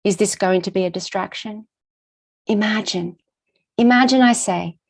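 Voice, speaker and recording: A middle-aged woman giving a conference talk, telling a personal story in an expressive, rhythmic way with lots of repetition. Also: mid-range voice, normal speed, gravelly, pauses often. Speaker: conference speaker.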